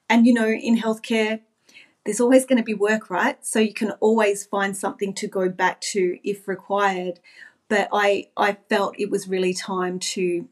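A middle-aged woman, a former nurse, talking as a podcast guest in an earnest, reflective way. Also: mid-range voice. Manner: earnest, reflective, with frequent restarts. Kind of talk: reflective interview talk.

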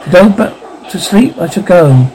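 A man reading the lines of a brusque, commanding man who gives rough, strident orders in a ghost-story audiobook. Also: sits high, lively intonation, moderate pace, a little mellow, slight background noise, rough recording. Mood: urgent.

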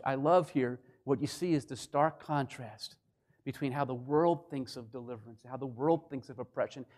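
Man, pastor preaching, emphatic, dips from loud to hushed, fairly high voice. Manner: emphatic, swinging between loud declarations and hushed lines. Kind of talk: sermon.

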